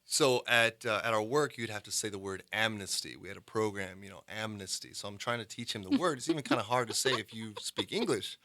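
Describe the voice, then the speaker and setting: A man hosting a casual chat, telling lively stories with plenty of laughter. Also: lowish voice, fairly quick, few pauses, dry recording. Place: studio.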